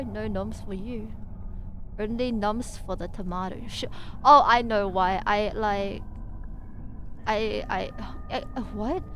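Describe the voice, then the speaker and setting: High-voiced playful woman streamer. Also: a bit bright, a little hiss or hum. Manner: playful, rambling and silly, with quick asides. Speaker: VTuber streamer. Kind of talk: casual livestream chat between reading passages. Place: home streaming setup at a PC.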